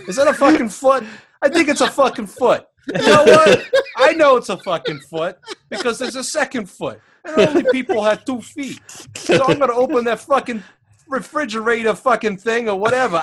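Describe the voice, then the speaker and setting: A man's voice: extremely high pitch, a bit bright, slightly rough, full character voice. A man putting on a crude, foul-mouthed Italian-American character while dubbing over a movie, rambling and laughing through his lines. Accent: put-on stereotypical Italian-American.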